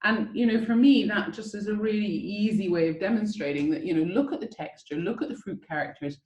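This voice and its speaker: A woman's voice: medium pitch, brisk, darkish tone, echoey room, low-quality recording. Chatty woman hosting a tasting. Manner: chatty, enthusiastic, coaching listeners step by step. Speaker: whisky tasting host. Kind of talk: casual guided tasting on a video call. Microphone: video call.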